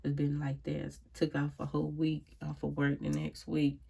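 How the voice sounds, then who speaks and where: A grieving woman speaks from her home in a casual personal monologue, her voice deeply gravelly and husky. She sounds reflective and worn out. She often sighs and calls out prayerful exclamations between thoughts. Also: completely flat delivery, moderate pace, dark tone. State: grieving, emotionally drained. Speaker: vlogger. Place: at home, indoors.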